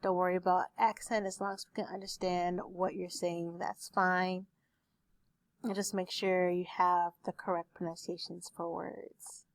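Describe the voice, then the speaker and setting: A woman's voice: on the low side, level tone, creaky, no echo. Woman teacher lecturing into a desk mic. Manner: explains terms slowly with examples, admits speaking fast. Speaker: speech teacher. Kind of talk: recorded lecture to students. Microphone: desktop USB microphone.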